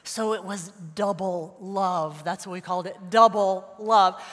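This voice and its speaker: A woman in her forties, a guest speaker telling stories to a church congregation on Mother's Day, with lively storytelling and acted-out shouts. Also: mid-range voice, measured pace. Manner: warm storytelling, acts out her son's shouts. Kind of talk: Mother's Day sermon talk. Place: church sanctuary. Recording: long hall reverb of a church.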